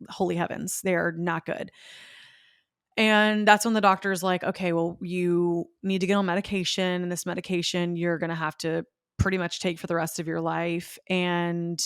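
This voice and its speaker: Recorded dry and at studio quality on a podcast microphone, a young female host with a lowish voice shares a personal story. She's emotional and earnest, voicing others' words herself.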